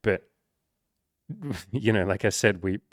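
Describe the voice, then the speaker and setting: A man's voice: on the low side, expressive, slow pace, no echo. A young man speaking candidly and emotionally to camera, swearing freely and close to tears. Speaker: coach and content creator. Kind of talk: emotional personal talk to camera.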